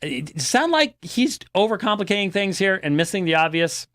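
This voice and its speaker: Emphatic, scornful male commentator, lively pitch. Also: no echo, clean studio sound. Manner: emphatic and scornful, with quick rebuttals and sudden pitch jumps. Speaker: host reviewing an article. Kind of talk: critical commentary on a newspaper article, reading quotes aloud.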